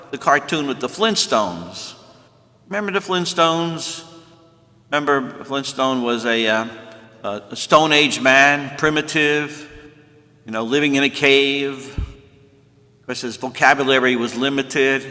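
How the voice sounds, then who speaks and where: Bright-voiced priest in echoing church. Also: male voice, medium pitch. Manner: folksy, explanatory, self-made memory tricks. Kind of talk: teaching talk to confirmation students.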